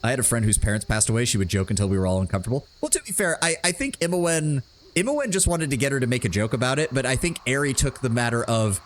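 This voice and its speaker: A man's voice: medium pitch, very animated, fast. Laughing, casual man streaming a game. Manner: casual, laughing, swears freely. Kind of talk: live game commentary.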